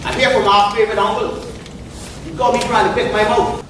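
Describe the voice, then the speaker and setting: Casting note: actor doing a teasing Bahamian buddy, high for a man, heard from far off in a booming theatre. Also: level tone, fairly quick, a little hiss or hum. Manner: mocking, teasing. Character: sharp-tongued old male friend teasing on the phone. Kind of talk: live stage play. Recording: distant voice in an echoey theatre with loud audience.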